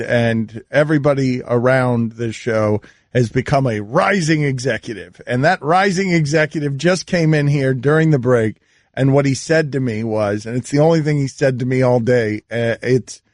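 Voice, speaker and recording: A man hosting a sports radio show, teasing his producer with incredulous questions and halting restarts. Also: mid-range voice, dry recording, studio quality.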